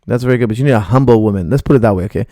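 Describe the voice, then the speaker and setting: Blunt gravelly-voiced male coach. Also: lowish voice, racing, dark tone, dry recording, studio quality. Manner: blunt, rambling, reads out viewer questions. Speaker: martial arts coach. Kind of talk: live Q&A stream.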